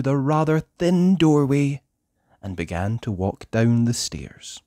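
A storyteller reading a children's picture book aloud in an expressive, sing-song way. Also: medium pitch, takes it slowly, no room sound, studio quality.

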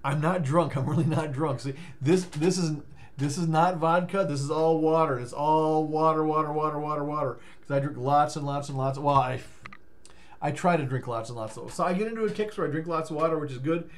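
A man's voice: fairly high pitch, fairly quick. A tired man vlogging in a rambling, stammering way, breaking into silly sing-song riffs. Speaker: life coach vlogger. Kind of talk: rambling casual vlog.

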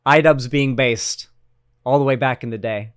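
A man's voice: medium pitch, normal speed, clean tone, dry recording, studio quality. A man streaming a video reaction, rambling loosely and talking to his chat. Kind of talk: casual commentary chat.

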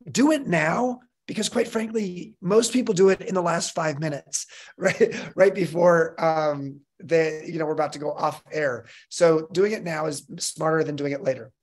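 A man hosting a live online fireside chat, upbeat and quick to laugh, moving the talk along with brisk announcements. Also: a little high. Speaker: host.

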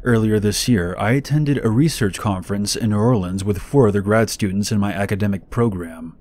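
A man narrating a true scary story in a calm, measured, scripted reading. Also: lowish voice.

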